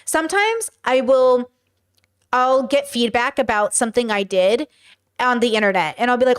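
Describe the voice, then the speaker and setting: A high-pitched woman talks straight to her viewers in loose, casual commentary. She is chatty and blunt and swears without a second thought. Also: normal speed, clear, resonant tone. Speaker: podcast host reacting to a clip. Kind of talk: casual commentary, reading chat.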